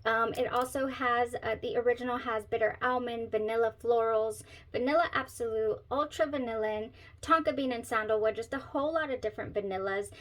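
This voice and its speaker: A woman's voice: on the high side, brisk, few pauses, fairly bright tone, rough recording. A woman hosting a casual perfume review vlog, chatty and giggly, often trailing off into searching asides. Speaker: perfume reviewer, channel host.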